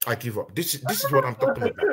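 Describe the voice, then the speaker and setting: A man, co-hosting a casual football podcast, talking in an animated, exasperated way and repeating himself. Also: mid-range voice, quick pace, a crowd in the background. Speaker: podcast co-host.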